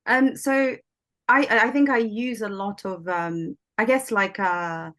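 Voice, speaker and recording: A woman speaks as an interview guest, chatting casually at a middle pitch. She pauses often, restarts her sentences and laughs softly as she gathers her thoughts. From lives in London. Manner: hesitant, many ums and restarts, laughing softly. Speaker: guest, English teacher.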